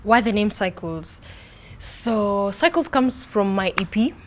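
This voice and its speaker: A young woman, answering interview questions in an animated, expressive way about her life and podcast. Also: medium pitch, slow pace, slight background noise. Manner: animated, expressive, playful with accents. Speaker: podcast host being interviewed. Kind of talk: casual interview chat.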